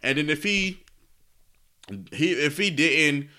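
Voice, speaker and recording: A man co-hosting a casual podcast, animated and quick to laugh, with his voice jumping high when he makes a point. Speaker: podcast co-host. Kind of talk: casual chat.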